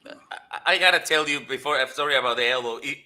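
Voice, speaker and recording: A man's voice: mid-range voice, quick pace, sharp tone. A man from Mexico co-hosting a stream, trading crude jokes and laughing. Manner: laughing, joking. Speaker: stream co-host. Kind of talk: crude casual banter.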